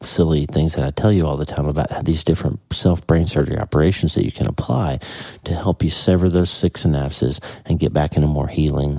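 Deep-voiced earnest man, halting. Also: gravelly, dark tone, no echo. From United States. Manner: earnest, halting, repeats words. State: voice cracking with emotion. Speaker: podcast host. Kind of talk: casual devotional talk.

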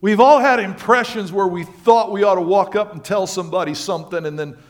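A male pastor preaching a sermon to his congregation, swinging between loud emphatic lines and quiet, low asides. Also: fairly quick. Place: church sanctuary.

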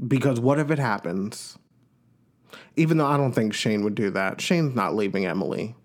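A man's voice: fairly low pitch, moderate pace. A man from Long Island, New York, hosting a podcast and giving a chatty, gossipy recap of a reality show with playful asides. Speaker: podcast host.

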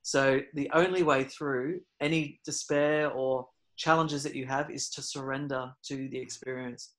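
A man, a podcast guest, telling a personal story in casual talk, full of fillers and restarts, and getting loud and animated at the dramatic moments. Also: mid-range voice, unhurried. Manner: rambling, many fillers and restarts; gets loud and animated retelling scary moments.

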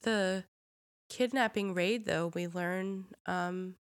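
A woman's voice: fairly low pitch, slow pace. A woman on a casual movie review podcast, frank and blunt in her critical remarks.

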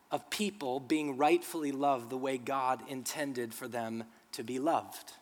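A male pastor preaching with a fairly high voice that rings out through a large, reverberant church hall. His sermon mixes earnest teaching with humorous stories. He swells into loud, emphatic passages. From United States.

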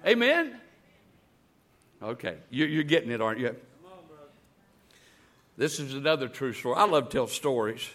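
A man's voice: medium pitch, moderate pace, long pauses. A man preaching a sermon, telling stories and calling out to the congregation for amens. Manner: animated storytelling preacher, calls out to the congregation. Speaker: guest preacher.

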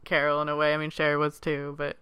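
A man's voice: fairly high pitch, completely flat delivery, fairly quick, sharp tone, clear, resonant tone, no echo. A man chatting casually about a film, giggly and full of fillers. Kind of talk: casual chat.

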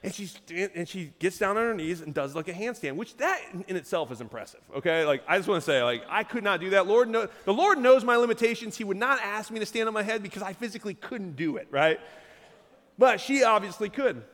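A man preaching a sermon as pastor, telling a story with lively quoted voices. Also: high-pitched, a little fast, in a large hall.

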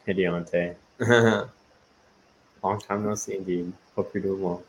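A man's voice: sits low, fairly even intonation, slow pace, rough recording. A man chatting as a podcast guest, giving brief, laid-back remarks. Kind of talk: casual chat.

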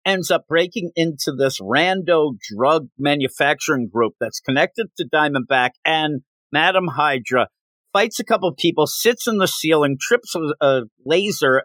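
A man co-hosting a podcast, reviewing comic books in casual chat and acting out characters' lines in quick voices. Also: medium pitch, a bit bright, dry recording. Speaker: podcast co-host.

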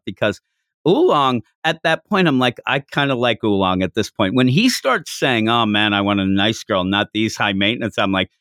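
A man co-hosting a casual podcast about comics, talking with animated energy, laughing often and acting out quoted lines in a raised voice. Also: mid-range voice, no room sound, clean studio sound. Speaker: podcast co-host. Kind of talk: casual chat reviewing manga.

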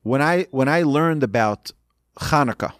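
A man's voice: mid-range voice, lively intonation, a little slow, no echo, clean studio sound. A man giving an urgent sermon as a religious teacher, emphatic and repeating his points.

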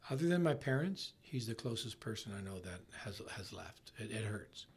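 A middle-aged man in a casual interview, talking in halting bursts with many restarts and trailing off softly. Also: lowish voice, big pitch swings, slightly rough. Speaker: ski resort marketing executive, guest.

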